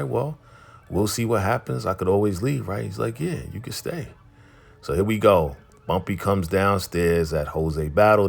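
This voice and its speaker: A man casually recapping a TV episode, retelling scenes in a lively way and acting out the characters' lines. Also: low-pitched, gravelly, husky. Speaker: TV recap host.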